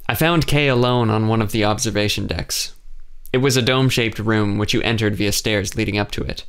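A man reading an audiobook in calm, measured first-person narration. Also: lowish voice, smooth.

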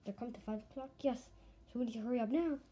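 A woman performing a playful toy skit, excitably switching between character voices. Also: on the high side, racing, slight background noise.

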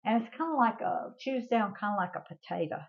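A woman's voice: mid-range voice, lively intonation, a little fast, gravelly, dull audio. An older woman, hosting a casual home cooking demonstration in a chatty, homey way and talking to her viewers as y'all. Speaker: cooking show host.

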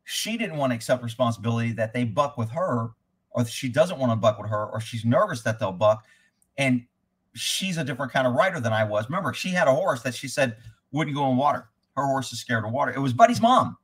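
A man's voice: medium pitch, lively intonation, fairly quick, slightly rough. A man who trains horses, giving blunt, rambling live commentary over riding footage and swearing freely.

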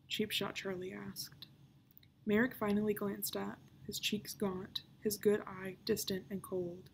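A woman, a children's librarian, reading a novel aloud in a calm, even storytelling voice. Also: mid-range voice, a little slow, gravelly, a little hiss or hum.

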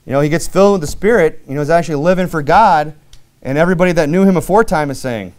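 Folksy American preacher, casual and chatty. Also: male voice, on the high side, racing, darkish tone. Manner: conversational, folksy preaching with frequent fillers and restarts. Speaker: pastor. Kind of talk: sermon.

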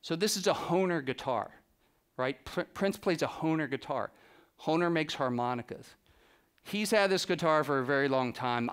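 A man giving a live, animated storytelling talk to an audience as a photographer, acting out the people he quotes by dropping his voice. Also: a little high, clear, resonant tone. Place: presentation room with a live audience.

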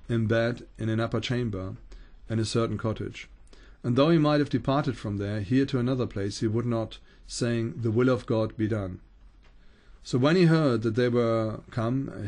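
A man reads an old account aloud for a teaching broadcast. His delivery is unhurried and plain, with a few small stumbles and restarts. His voice sits at a middle pitch for a man. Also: darkish tone. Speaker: Bible teacher. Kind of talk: reading an ancient account aloud.

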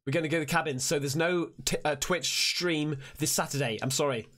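A man with an English accent, reacting to videos in casual, sweary commentary with loud outbursts and lots of slang. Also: a little high, fairly even intonation, fairly quick, a little hiss or hum. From England. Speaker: YouTube reaction host.

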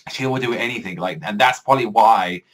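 Rambling, profane man with a low voice. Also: fairly quick. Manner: rambling, heavy filler words, profane; excitable, voice jumps up when worked up. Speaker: manga reviewer. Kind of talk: casual rambling review.

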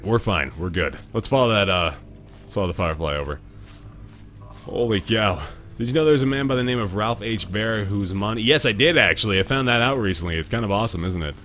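A man hosting a let's-play video, commenting as he plays; excitable, dropping from quiet muttering to sudden loud yelps and laughter. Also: low-pitched. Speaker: gaming video host.

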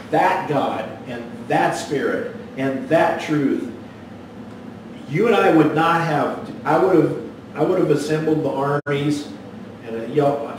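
A man's voice: fairly high pitch, a little mellow, very echoey, distant mic, slight background noise, poor audio. A man preaching a sermon as pastor, folksy and storytelling, with a joke that he acts out in voices. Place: church sanctuary.

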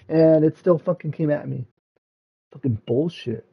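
Man, high voice, swings up and down a lot, live gameplay commentary, swears and yells, frustrated. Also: huge pitch swings, unhurried, slight background noise. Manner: profane, yells and pleads at the game. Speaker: gamer streamer.

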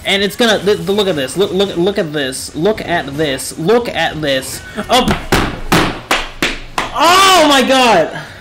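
A man giving excitable gameplay commentary, yelling in frustration and rambling. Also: a little high, normal speed, few pauses, background noise. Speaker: gaming YouTuber.

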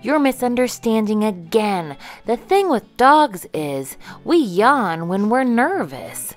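A woman voicing an old, tired male pet dog who explains himself slowly and patiently. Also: a little high, big pitch swings, faint music behind. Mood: gentle.

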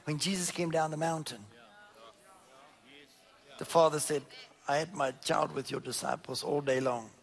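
A male preacher reads passages of scripture and reflects on them, alternating emphatically between loud statements and soft murmurs. He speaks at a moderate pace in a creaky voice with fairly even intonation, pausing often.

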